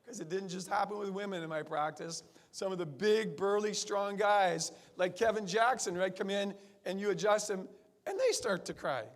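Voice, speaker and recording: A man's voice: sits high, expressive, normal speed. A man in his sixties, a chiropractor giving a seminar talk to colleagues, emphatic and full of rhetorical questions to the audience. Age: 60s. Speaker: chiropractor addressing fellow chiropractors.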